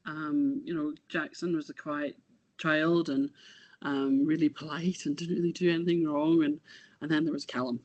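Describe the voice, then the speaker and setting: A woman, talking about her son as an interview guest, halting and reflective, often trailing off. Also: low voice, level tone, a little mellow, no room sound, lo-fi sound. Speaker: interview guest, bereaved mother. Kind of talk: casual conversation.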